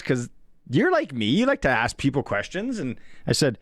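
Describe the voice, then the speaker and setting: A Canadian man co-hosting a sports radio show, telling stories in a casual and animated way and acting out the people he quotes. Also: mid-range voice, normal speed, dry recording, clean studio sound. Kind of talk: casual chat, storytelling.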